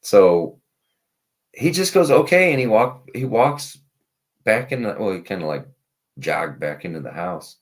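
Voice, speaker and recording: On a casual streamed talk show, a man tells a rambling story about his tow truck job, swearing and stuffing his speech with fillers. His low voice has lively intonation, moves a little slowly, and includes long pauses.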